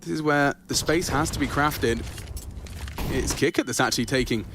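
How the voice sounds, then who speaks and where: A man's voice: medium pitch, normal speed, noisy background. Male analyst caster, mid-range voice, chatty tactical breakdowns. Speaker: esports commentator. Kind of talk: live color commentary.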